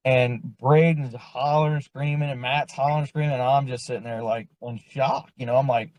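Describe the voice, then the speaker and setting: A middle-aged man tells a racing story in a loose, folksy way, circling back and acting out what others said. His voice sits at an ordinary middle pitch. The recording is close and dry. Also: steady tone, moderate pace, hardly any pauses, darkish tone, no echo, rough recording. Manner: rambling, folksy, acts out other people's lines. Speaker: crew chief, driver's father. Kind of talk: casual storytelling chat.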